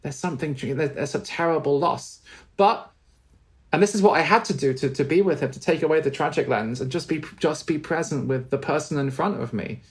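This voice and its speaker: A man, a spiritual teacher and podcast guest, telling a heartfelt story in a halting, earnest way with many restarts. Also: a little high.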